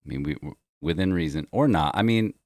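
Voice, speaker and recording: Man, very deep voice, relaxed podcast host, dry close sound, laughs easily. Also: brisk, dry recording. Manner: easygoing, laughs often. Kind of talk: casual chat.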